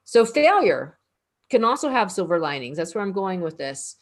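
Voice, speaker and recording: Female discussion host, lower pitch, steers with questions. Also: sing-song, normal speed. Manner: prompting questions, summing up points. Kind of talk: casual discussion.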